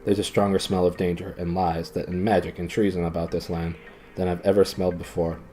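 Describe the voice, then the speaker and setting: A man voicing a gloomy, cautious non-human guide, speaking low and grave. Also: flat delivery, fairly quick, warm tone, slight background noise, lightly acted. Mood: grave warning. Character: gloomy cautious marsh-wiggle guide, adult male. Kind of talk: storybook reading.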